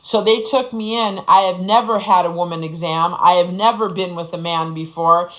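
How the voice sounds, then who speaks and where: A woman's voice: on the low side, steady tone, moderate pace, fairly bright tone, poor audio. A woman from Upper Michigan telling her own story to her audience in a blunt, profane, casual way, often calling her listeners "bestie". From Upper Michigan, United States.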